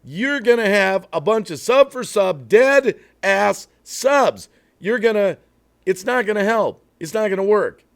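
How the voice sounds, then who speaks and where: A man's voice: sits high, expressive, a little slow, gravelly. Blunt, worked-up male stream host. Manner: blunt, worked-up, apologetic asides. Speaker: livestream host. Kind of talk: live-stream rant to chat.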